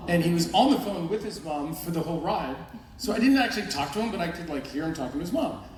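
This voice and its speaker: Animated man telling stories in an echoey hall. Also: a little high, quick pace. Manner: animated storyteller acting out the other voices in his tale. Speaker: panel guest actor. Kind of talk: casual anecdote on a convention panel. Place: large convention hall with an audience. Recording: echoey hall recording from far off with crowd noise.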